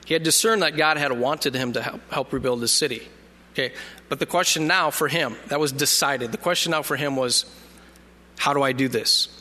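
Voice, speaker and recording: Bright-voiced man preaching in an echoing hall. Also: fairly high pitch, brisk. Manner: conversational, reads scripture aloud, jokes at stumbling over names. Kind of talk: sermon. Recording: long reverb of a hall.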